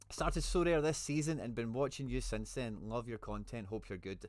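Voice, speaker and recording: A man's voice: on the low side, brisk, few pauses, no echo. Chatty man live-streaming. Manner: chatty, thanks viewers, reads out chat messages. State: a bit out of breath. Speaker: streamer hosting a fantasy football live stream. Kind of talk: casual live-stream chat.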